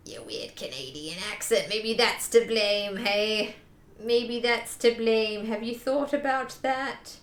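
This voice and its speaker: A young woman talks to her viewers in a loose, rambling way, full of fillers and restarts. Her voice sits at an ordinary middle pitch. The room around her is echoey. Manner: rambling, chatty, with fillers and repeats. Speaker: streamer chatting with viewers. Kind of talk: casual chat.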